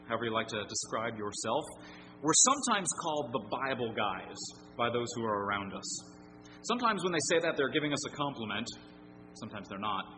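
A man's voice: mid-range voice, pushed and bright. A middle-aged male pastor preaching an evening sermon, earnest and emphatic, repeating key phrases for weight. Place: church sanctuary. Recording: long hall reverb with background hum.

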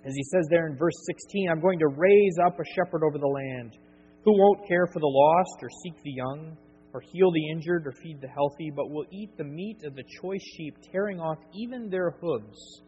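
A middle-aged male preacher with a somewhat high voice, delivering an earnest sermon that swells to emphatic peaks and falls back to quiet. His voice rings with long reverb through a dull, lo-fi church recording over a faint hum. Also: normal speed, slightly rough. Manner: earnest, builds to emphatic peaks then drops soft. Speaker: pastor. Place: church sanctuary.

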